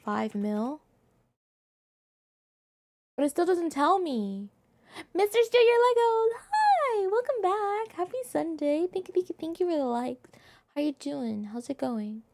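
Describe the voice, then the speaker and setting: A young woman streaming a game live, chatting with viewers in an excitable, playfully indignant way that jumps into squeals. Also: on the high side, gravelly, dry recording.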